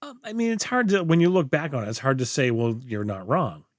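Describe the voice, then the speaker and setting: A man's voice: a little high, big pitch swings, quick pace, no echo, clean studio sound. A middle-aged man reviewing a movie in casual podcast chat, rambling, swearing freely and acting out quotes. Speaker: podcast co-host.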